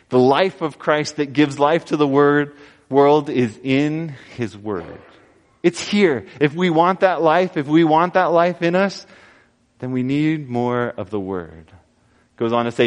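A man preaching a sermon earnestly, quoting scripture and pausing between phrases. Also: mid-range voice. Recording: long hall reverb.

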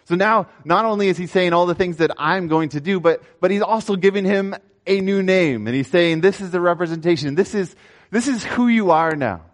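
Animated young male preacher. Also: high voice, brisk. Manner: animated storytelling, swings between raised emphasis and quiet asides. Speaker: pastor. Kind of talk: sermon.

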